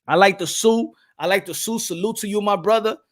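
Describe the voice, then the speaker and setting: A man hosting a boxing channel, talking casually and excitedly on a livestream, trash-talking and laughing. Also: sits high, brisk.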